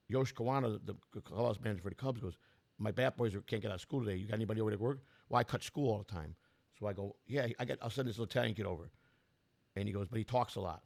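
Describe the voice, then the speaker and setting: Fast-talking gravelly man in his sixties. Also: fairly low pitch, a little mellow. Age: 60s. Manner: rambling, blunt, repeats and restarts. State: strained voice. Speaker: political candidate. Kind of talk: personal storytelling.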